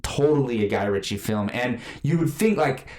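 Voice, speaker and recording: A man's voice: medium pitch, lively intonation, moderate pace, a little mellow, roomy sound. A man chatting casually about movies as a podcast host, rambling with many fillers and restarts. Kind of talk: casual movie review chat.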